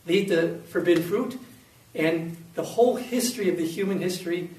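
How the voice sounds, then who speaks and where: A high-voiced man tells a personal story with animated acted-out quotes. He sounds a little distant from the mic, in a room with a noticeable echo. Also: a little fast. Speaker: speaker giving a faith testimony. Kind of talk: storytelling talk.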